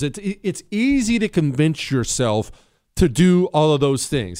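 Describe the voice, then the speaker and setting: A male talk radio host with a slightly high voice, recorded dry and close. He hammers home his points by repeating them. He breaks off to tease his co-host. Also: very animated, normal speed, a little mellow, no room sound. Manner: joking asides, teasing a co-host; emphatic, repeats key phrases.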